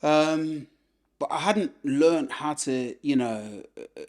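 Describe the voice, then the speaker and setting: A middle-aged man from England, a former boxer, telling animated anecdotes as a podcast guest, with frequent filler phrases. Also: a little high, takes it slowly. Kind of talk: casual storytelling interview.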